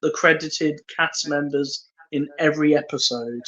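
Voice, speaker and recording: A man's voice: fairly high pitch, steady tone, moderate pace, pushed and bright, lo-fi sound. A man co-hosting a podcast, reading out trivia in a hesitant, casual way. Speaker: podcast co-host. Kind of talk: casual chat.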